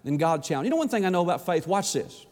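A man's voice: fairly high pitch, big pitch swings, very fast, darkish tone. A man preaching a sermon as pastor, folksy and emphatic, asking the congregation rhetorical questions. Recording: echoey hall reverb.

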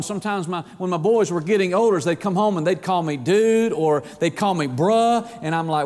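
A middle-aged man preaching a sermon in an animated way, acting out the voices of God and of people. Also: high-pitched, fairly quick, hardly any pauses, long reverb tail.

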